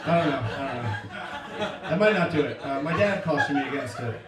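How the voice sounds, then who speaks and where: A man's voice: medium pitch, animated, fairly quick, over a noisy crowd. A man doing a playful, self-deprecating stand-up comedy set on stage, laughing often. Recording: echoey live room from a distance, loud noise.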